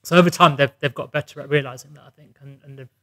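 A man's voice: mid-range voice, steady tone, very fast, pushed and bright. A man, a wedding DJ co-hosting a podcast, explaining practical tips in a casual chat.

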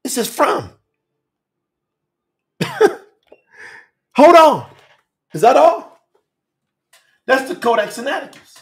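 A man preaching a fiery telethon sermon, emphatic and repetitive, swinging from shouts to hushed asides, with Southern US dialect grammar. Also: very high voice, very animated, takes it slowly, pauses often.

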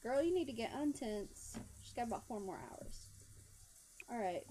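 A woman's voice: a little high, lively intonation, normal speed, dark tone, a little hiss or hum. A woman giving casual commentary while playing a life-sim game, chatting to her character and laughing often. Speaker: gameplay commentator.

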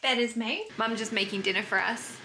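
Bright, chatty Australian young woman. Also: fairly high pitch, fairly quick, roomy sound, slight background noise. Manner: chatty, upbeat. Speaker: vlogger. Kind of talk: casual vlog chat. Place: home.

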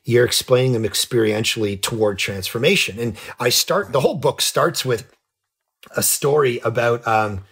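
A man in his forties, a pastor and author guest, telling stories in lively conversation and acting out the people in them. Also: medium pitch, moderate pace, breathy edge. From Canada. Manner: lively, acts out voices in anecdotes. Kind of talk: animated storytelling in conversation.

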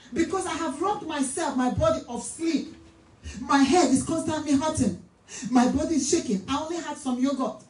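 A woman's voice: high-pitched, darkish tone. A woman from Africa with an African accent, preaching a sermon in an emphatic, exhorting way and stretching out stressed words. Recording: echoey hall, distant mic, faint noise.

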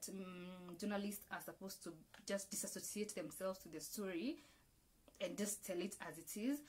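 A woman with a Kenyan accent giving casual, opinionated commentary on the week's news as a vlogger, expressive and slipping into Swahili phrases. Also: on the low side.

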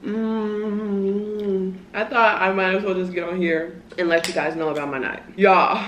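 A woman's voice: mid-range voice, fairly even intonation, measured pace, a bit bright, a little hiss or hum. A woman in her early twenties vlogging a casual mukbang chat, slangy and talking while eating. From Southern California. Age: early 20s. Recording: roomy echo.

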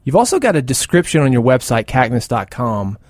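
Relaxed male radio host. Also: medium pitch, brisk, no room sound, studio quality. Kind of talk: radio interview.

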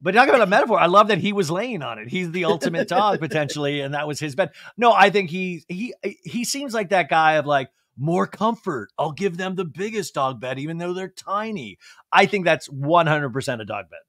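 A man chatting casually on a podcast, animated and laughing often, sometimes mimicking people in a low drawl. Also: fairly quick, no room sound, studio quality. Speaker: podcast guest. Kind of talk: casual chat.

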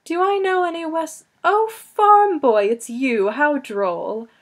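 Woman doing storybook teen girl, haughty, affected, raised pitch, pushed volume. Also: slow. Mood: mocking. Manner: fancy, affected, mocking tone. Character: haughty proud seventeen-year-old girl.

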